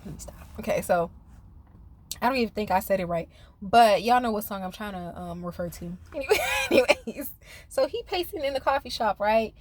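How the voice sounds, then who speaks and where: Talking a little fast in a slightly mellow, mid-range voice with lively intonation, a reality TV commentator runs through a show's events. Her recap is laid-back and full of swearing, with frequent laughter and direct address to her audience.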